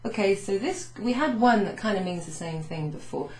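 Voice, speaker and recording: A woman French teacher recapping a beginners' lesson, chatty, saying French phrases slowly with teacherly emphasis. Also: mid-range voice, lively intonation, a little mellow. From Wales. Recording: echoey room with faint noise.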